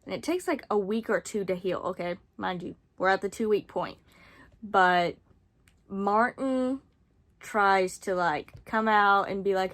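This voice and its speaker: A woman's voice: mid-range voice, a little slow. Sarcastic, rambling young woman reviewer. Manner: sarcastic, swears often, rambling asides. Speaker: book reviewer. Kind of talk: casual chat.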